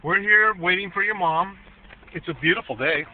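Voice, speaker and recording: A man's voice: high voice, normal speed, narrow, tinny audio, slight background noise. A man chatting playfully with a toddler in a home video, teasing and sing-song, from a parked car.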